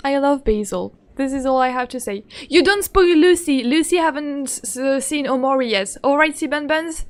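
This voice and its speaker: A woman's voice: sits high, moderate pace. A woman streaming a game in casual, playful chat, speaking English as a second language and giggling often as she greets her viewers.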